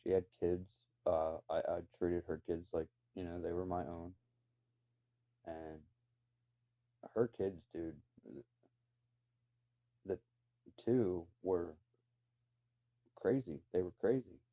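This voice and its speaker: A man's voice: deep voice, fairly even intonation, slow, pauses often. A man telling a rambling personal story in a casual way. He swears freely and adds incredulous asides. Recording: dull lo-fi recording.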